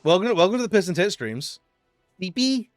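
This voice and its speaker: A man's voice: high voice, very animated, racing, no room sound, soft background music. A man streaming live, chatting casually, joking, laughing often and rambling between stories.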